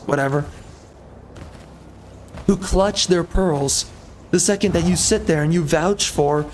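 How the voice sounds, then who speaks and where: Heated, ranting man, slightly high voice. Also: a little mellow, a little hiss or hum. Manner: heated, emphatic, repetitive ranting. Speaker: gaming commentator. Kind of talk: ranting commentary over gameplay.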